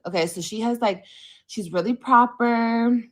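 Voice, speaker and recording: A woman from California, hosting a livestream podcast and telling a story in a casual, animated, profane way. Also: a little high, a little slow. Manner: animated, profane, switches voices when quoting others. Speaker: podcast host.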